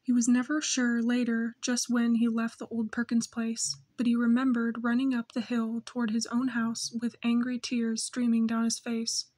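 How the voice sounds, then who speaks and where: An audiobook narrator, a woman with a voice on the high side, reads a novel aloud. Her scripted delivery is steady and measured.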